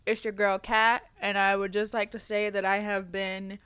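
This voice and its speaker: A woman co-hosting a casual chat podcast, playful and energetic. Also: mid-range voice, normal speed, clear, resonant tone, no echo. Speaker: podcast co-host.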